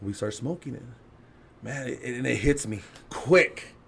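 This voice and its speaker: A man telling a story as a podcast guest, casual and animated, laughing and acting out other people's lines. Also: medium pitch, unhurried, gravelly, a little hiss or hum. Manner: animated, laughing, acts out quotes.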